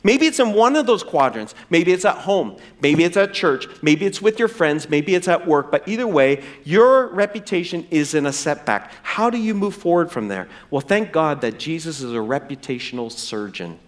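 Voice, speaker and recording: A man preaching a sermon in church, swinging from loud emphasis to hushed, drawn-out words and acting out quoted dialogue in a raised voice. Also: fairly high pitch, lively intonation. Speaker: pastor.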